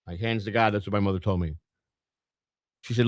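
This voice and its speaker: A man's voice: on the low side, fairly even intonation, a little fast, pauses often, no echo, studio quality. A middle-aged man from Chicago, a presidential candidate and podcaster, telling his story in a blunt, plain-spoken way and repeating words as he goes. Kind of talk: casual storytelling monologue.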